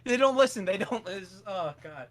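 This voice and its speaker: A man hosting a podcast, telling stories in an animated, profane, casual way. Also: high voice, brisk. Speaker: podcast host. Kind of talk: casual chat.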